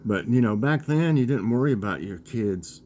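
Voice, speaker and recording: A man in his sixties chatting casually in a vlog, rambling and halting with lots of fillers as he tells a childhood story and talks about dinner. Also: mid-range voice, expressive, darkish tone, slight background noise. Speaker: vlogger.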